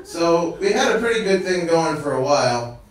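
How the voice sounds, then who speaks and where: A man's voice: on the high side, big pitch swings, moderate pace. An American man doing stand-up, telling a story in a chatty way and chuckling at his own jokes. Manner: chatty, laughs at own jokes, small restarts. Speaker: stand-up comedian. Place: event hall with live audience. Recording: echoey hall, distant mic, audience laughter.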